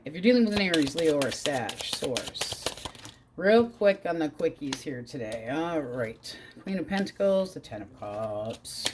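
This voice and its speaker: A woman's voice: deep voice, slight background noise. A woman doing a casual tarot reading, talking bluntly and swearing freely. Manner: blunt, swears freely, quotes in exaggerated voices. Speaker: tarot reader.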